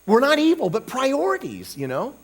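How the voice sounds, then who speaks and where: A man preaching a revival sermon in a conversational way, often checking in with "okay?" and "you know", swinging between soft asides and loud emphatic bursts. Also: extremely high pitch, wildly swooping pitch, normal speed, creaky, slightly rough.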